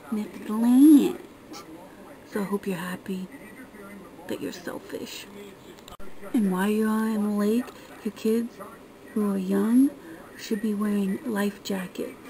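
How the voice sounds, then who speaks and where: A woman's voice: mid-range voice, warm tone, rough recording. Indignant woman vlogger ranting. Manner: indignant, scolding, sarcastic. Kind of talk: casual rant to camera.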